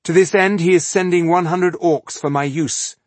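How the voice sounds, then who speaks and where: A man's voice: sits high, fairly even intonation, normal speed, no echo, voice pushed up, close to an everyday voice. A man reading an audiobook, voicing a weary, stubborn young queen who speaks dully and resigned. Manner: dull, resigned.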